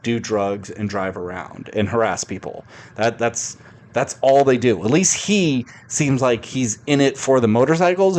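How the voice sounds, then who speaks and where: Blunt rambling man reviewing movies. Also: mid-range voice. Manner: rambling, blunt, frequent restarts. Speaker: podcast host. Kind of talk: casual movie review chat.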